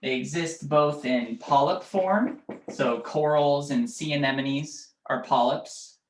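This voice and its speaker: A man's voice: a little high, slow pace. A man teaching a biology class, explaining step by step with frequent fillers and checking questions to his students. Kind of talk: classroom lecture. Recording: echoey classroom.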